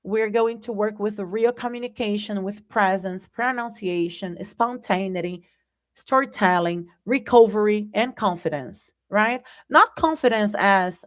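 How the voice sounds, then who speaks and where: A woman's voice: mid-range voice, unhurried. A woman with a Brazilian Portuguese accent hosting a live English lesson, speaking conversationally to her viewers and often checking in with "right?". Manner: conversational, addresses viewers as "guys", keeps asking "right?". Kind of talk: live-streamed language lesson.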